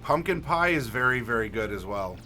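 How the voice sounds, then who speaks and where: A man hosting a livestream as game master, friendly and unhurried, asking chat for dice rolls and pausing with fillers. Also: mid-range voice, expressive, sharp tone, soft background music. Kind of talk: livestream character creation, talking to chat.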